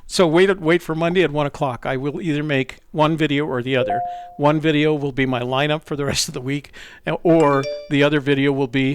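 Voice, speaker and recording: A man's voice: on the high side, moderate pace, smooth, dry recording, studio quality. A man hosting a live call-in show, chatting casually and rambling, often correcting himself mid-sentence.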